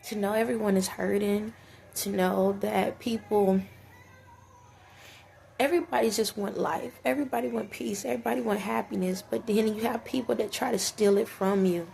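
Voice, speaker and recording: A woman speaking earnestly in a personal vlog, tearful and halting. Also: mid-range voice, fairly even intonation, vocal fry, a little mellow, slight background noise. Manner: tearful, earnest, faith-filled, halting with restarts. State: teary, sniffly. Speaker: vlogger. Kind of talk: emotional personal talk to camera.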